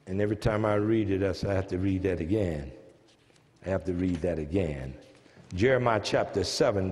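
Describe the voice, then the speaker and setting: A man's voice: mid-range voice, a little mellow, long reverb tail. A man with an American accent preaching a sermon, who stresses key phrases and repeats them as his emphasis builds. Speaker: pastor.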